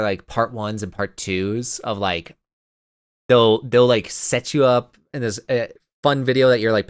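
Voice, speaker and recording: A man's voice: medium pitch, smooth, no echo, clean studio sound. A man co-hosting a podcast, a bit tired and yawning, rambling in casual chat with lots of fillers. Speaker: podcast co-host.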